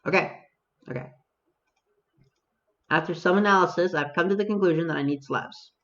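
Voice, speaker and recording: A man's voice: high voice, normal speed, a bit bright, muffled recording. Self-mocking man narrating his gameplay. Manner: self-mocking, talks to himself and viewers. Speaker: gaming video host. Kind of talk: casual gameplay commentary.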